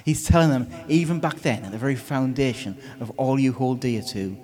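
A man preaching in a chatty, animated way, explaining a scripture passage and often chuckling to himself. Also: medium pitch, fairly quick. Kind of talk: conversational sermon on a scripture reading.

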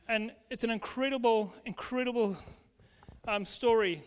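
A man with a strikingly high-pitched voice preaches a sermon in a church. He tells his story emphatically, slipping into lively acted dialogue. A long reverb from the hall trails each phrase. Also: normal speed. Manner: emphatic testimony, acting out quoted dialogue.

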